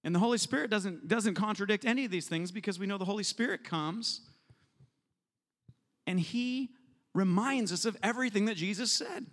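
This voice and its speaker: A man preaching a sermon as pastor, animated, acting out prayers and voices. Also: high voice, moderate pace. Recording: long hall reverb.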